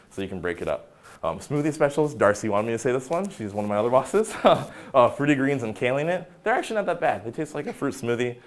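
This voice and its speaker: Fast-talking joking young male trainer. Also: medium pitch, sing-song. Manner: joking, acts out quoted lines in voices. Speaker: fitness center personal trainer. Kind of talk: informal wellness talk.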